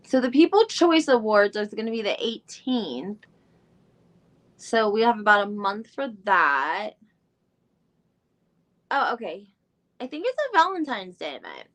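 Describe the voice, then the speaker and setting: With a medium-pitched, slightly bright voice, a woman speaks unhurriedly, swinging her pitch widely and pausing at length. As podcast host of a live recap, she chats on stream in a rambling way, thinking aloud while she looks things up online, dropping fillers and mild swear words.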